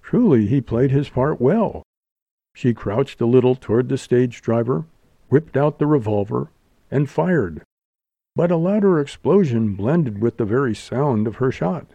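Dark-voiced male audiobook narrator. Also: mid-range voice, lively intonation, measured pace, vocal fry, no room sound, muffled recording. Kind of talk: scripted narration.

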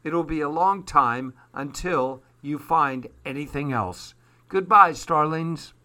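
Storybook figure: proud old bearded hobo as a man reads him aloud, wistful, dignified, slow and bright. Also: a little high, pitched above the performer's own voice, heavily acted. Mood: stubborn.

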